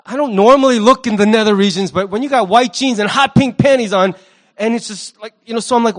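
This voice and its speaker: A pastor preaching a sermon, animated, acting out the voices he quotes and repeating words as he starts a thought. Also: sits high, quick pace.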